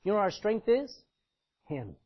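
High husky-voiced male preacher. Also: wildly swooping pitch, moderate pace, muffled recording. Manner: emphatic, folksy, swings between loud and quiet. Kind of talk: sermon.

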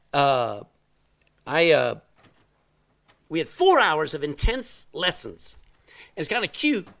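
A middle-aged male pastor preaching a sermon, telling a story with loud exclamations and quiet asides. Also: fairly high pitch.

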